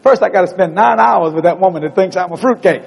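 A middle-aged male preacher telling a story in a sermon in a church, animated and breaking into loud exclamations. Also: high voice, fast talker, creaky, big-room sound, a little hiss or hum. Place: church building.

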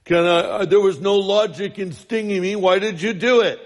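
A man voicing a slow, trusting male tortoise in a spoken fable. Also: high voice. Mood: plain. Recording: long hall reverb.

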